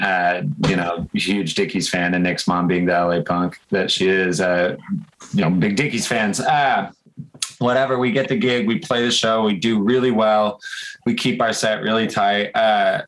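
A man, a band member guesting on a show, telling an excited, rambling story with many fillers. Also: sits low, normal speed, low-quality recording. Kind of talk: casual interview chat, storytelling.

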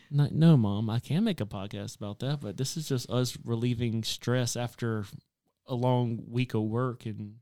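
A man with a smooth, clear voice, trading dry jokes and teasing his friends in a relaxed podcast chat. His delivery is easygoing and conversational. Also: mid-range voice. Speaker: podcast co-host. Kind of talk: casual chat.

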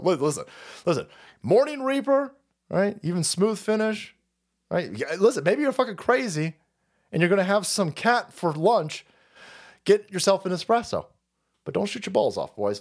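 A man hosting a livestream, ranting crudely about politics and reacting to chat, cursing freely, laughing often and breaking into sudden shouts. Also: high-pitched, very animated, measured pace, husky. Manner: foul-mouthed, rowdy, laughs and shouts often. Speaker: livestream host.

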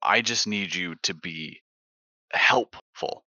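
A man playing a wary male vampire who pleads haltingly for help. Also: low voice, sharp tone, dry recording, muffled recording, full character voice. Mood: pleading. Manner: hesitant, pleading.

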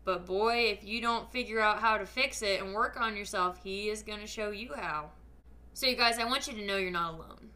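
Woman, podcast host, bright forceful tone, earnest, emphatic, casual, talks straight to listeners. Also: medium pitch, normal speed. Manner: casual, with frequent fillers. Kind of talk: motivational faith-based monologue.

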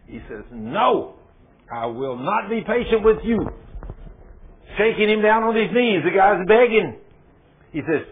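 Heard over a tinny, phone-like radio broadcast, a man preaches in a high, animated voice, unhurried and full of pauses. He fires rhetorical questions at his listeners and retells scripture using quoted dialogue.

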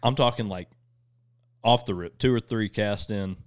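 Excitable low-voiced guy swearing. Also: moderate pace, clear, resonant tone. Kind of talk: casual chat.

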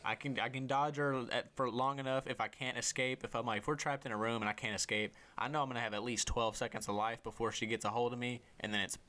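A man's voice: medium pitch, steady tone, fast, few pauses, pushed and bright. A man hosting a casual chat, telling stories animatedly, swearing freely and acting out other people's voices. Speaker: host.

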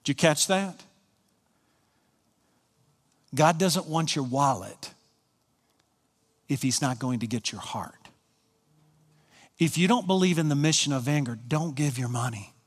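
A man from Colorado preaching a sermon as pastor, emphatic and swinging from hushed lines to soaring ones. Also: a little high, big-room sound.

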